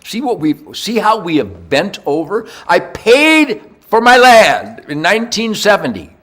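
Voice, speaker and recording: An older man rambling through a podcast rant, brash and crude, dropping to low mutters and then shouting. His voice is bright and forceful, pitched a little high, and it swings widely up and down. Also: sing-song, a little slow. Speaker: podcast host.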